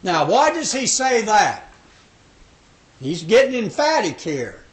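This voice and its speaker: A man's voice: sits high, sing-song, takes it slowly, long pauses. An older man in his sixties leading a Bible study class, joking and emphatic as he asks questions. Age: 60s. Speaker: Sabbath school teacher.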